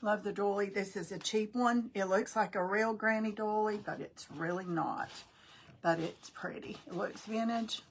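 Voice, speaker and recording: A woman's voice: mid-range voice, moderate pace, slight background noise. An older woman, chatting folksily with viewers on a crafting live stream as host. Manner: chatty, folksy, talks to viewers while working.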